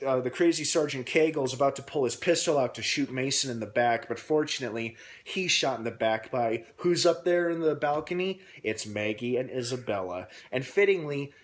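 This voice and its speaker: A man recapping a TV episode in a casual, rambling vlog with many pauses and fillers. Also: medium pitch. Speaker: TV episode reviewer.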